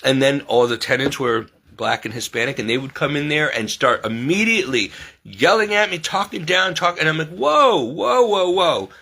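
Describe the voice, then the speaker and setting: A man's voice: mid-range voice, lively intonation, a little fast, bright, forceful tone. A man hosting his own channel, talking off the cuff in a heated, emphatic way, firing off rhetorical questions and mimicking other people in raised voices. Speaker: online commentary host. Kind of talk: unscripted monologue to camera.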